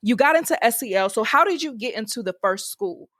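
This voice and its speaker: A woman's voice: fairly high pitch, animated, brisk, fairly bright tone, dry recording. Upbeat woman podcast host, dry sound. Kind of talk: casual interview chat.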